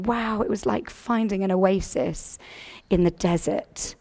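A woman's voice: medium pitch, moderate pace, creaky, darkish tone. Earnest woman giving a sermon testimony. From England. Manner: earnest, conversational, many restarts. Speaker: church speaker.

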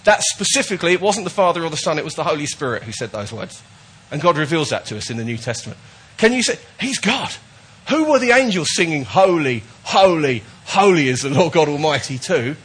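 Male pastor, sermon delivery, fairly high pitch, emphatic with frequent restarts. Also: sing-song, fast talker, few pauses, fairly bright tone, breathy edge. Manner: emphatic, repetitive, with false starts.

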